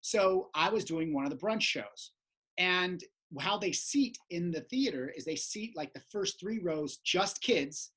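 A woman podcast host telling a stage story in casual chat, acting out shouting voices. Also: lowish voice, a little slow, breathy edge. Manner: lively storyteller who shouts out quoted voices.

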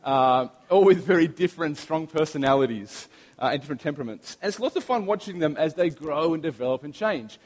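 Fairly quick and expressive, with a slightly high, slightly mellow voice, a pastor in his thirties delivers a sermon with prayer. His style is chatty and anecdotal, with frequent restarts, and the sound carries a large hall's long reverb.

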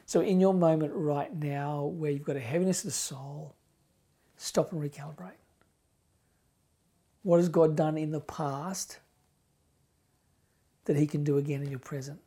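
A middle-aged man preaching a sermon as pastor, impassioned, moving between loud emphasis and hushed near-whispers. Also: fairly high pitch, steady tone, unhurried, pauses often.

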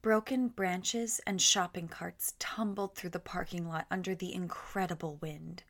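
Woman reading a first person story, lowish voice, steady and measured, goes quiet when it gets tense. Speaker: audiobook narrator.

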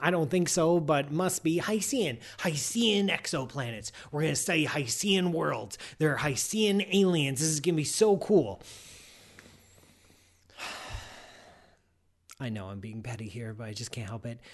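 A man's voice: fairly high pitch, animated, unhurried, pauses often. A man hosting a live science show, talking casually and playfully, ranting in mock outrage and rambling off on digressions.

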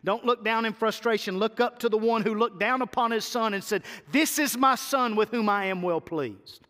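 A man's voice: sits high, moderate pace, bright, forceful tone, in a large hall. A middle-aged man preaching a sermon as pastor, with repetition and swelling emphasis.

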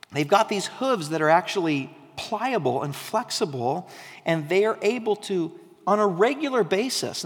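A man preaching a sermon, telling a story with animation and sometimes dropping to a soft, intense tone. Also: sits high, husky. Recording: long hall reverb.

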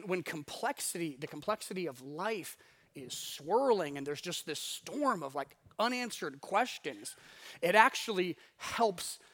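Man, pastor, sermon, high voice, conversational, emphatic, restarts phrases. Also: fairly bright tone.

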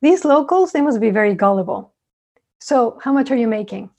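A woman doing a calm, teasing old teacher. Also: on the high side, normal speed. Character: calm, mischievous wandering male teacher.

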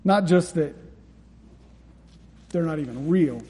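A man's voice: on the high side, slow, mellow, long reverb tail, slight background noise. A man preaching a sermon and reading scripture aloud, earnest and repeating words for emphasis. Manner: earnest, repeats words when stressing a point. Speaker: pastor.

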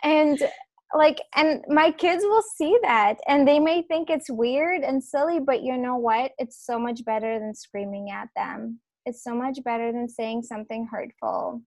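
Earnest woman with a fairly high voice. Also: unhurried, no echo. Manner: earnest, repeats calming phrases softly. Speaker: guest, parenting coach for moms. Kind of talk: podcast interview.

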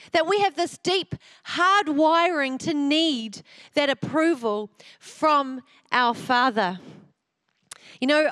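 A woman's voice: high-pitched, a bit bright, no room sound. A middle-aged woman preaching a sermon, telling family stories and acting out the voices of her children. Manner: storytelling, acts out family voices.

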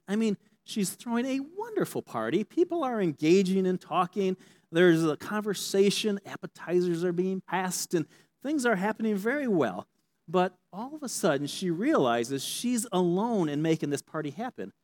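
A pastor preaching a sermon in a conversational, animated way, often checking in with his listeners. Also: high voice, normal speed.

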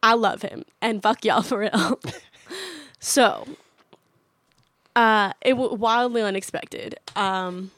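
A woman on a podcast tells a story in a blunt, sarcastic voice with plenty of swearing. Her pitch sits in a middle range. The sound is close and dry. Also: lively intonation, takes it slowly, pauses often, fairly bright tone, no echo. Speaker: podcast co-host. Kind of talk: casual chat.

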